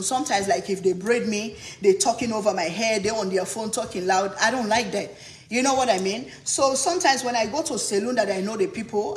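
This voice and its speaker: Woman host from Africa, indignant livestream rant, repeats for emphasis; echoey room, light noise. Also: medium pitch. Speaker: cooking channel host on a live stream.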